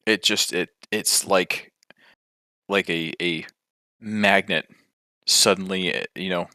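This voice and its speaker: A man's voice: low voice, steady tone, takes it slowly, sharp tone, no echo, clean studio sound. A man narrating a tabletop game as game master, hesitant and full of ums.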